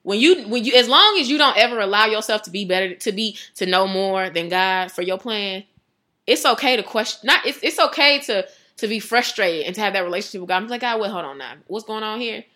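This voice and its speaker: A woman giving a casual devotional talk, chatty and animated, laughing often and saying "like" a lot. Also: medium pitch, a little fast. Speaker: devotional speaker.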